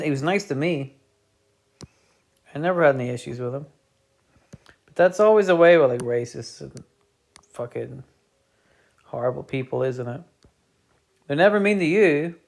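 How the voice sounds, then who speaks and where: A man's voice: a little high, gravelly. A British man streaming, telling a meandering comedic monologue with chatty, offhand asides.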